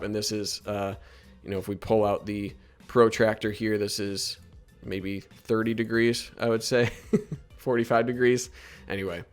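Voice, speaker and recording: A man giving casual commentary over game footage, picking apart plays and calls in a conversational, critical way with many fillers. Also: fairly low pitch. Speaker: sports analyst breaking down game film.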